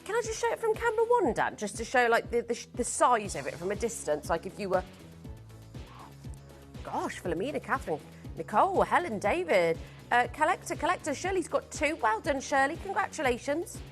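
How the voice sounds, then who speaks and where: A woman hosts a live jewellery sale on a shopping channel, talking in a warm, gushing stream of sales patter. Her voice sits somewhat high, and faint music runs under her. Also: very animated, brisk.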